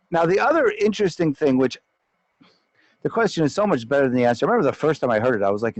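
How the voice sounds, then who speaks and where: A male rabbi leads a Torah class with animated energy. His voice sits slightly high for a man, and he often trips over repeated words mid-thought. The sound is dry and close, with no room around it. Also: dry recording, rough recording.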